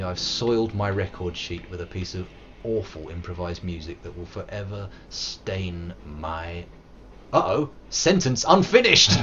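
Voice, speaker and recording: A British man in his thirties giving live commentary while he plays, self-mocking and swinging from loud outbursts to low mutters. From United Kingdom. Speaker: streamer. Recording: muffled with steady background hiss.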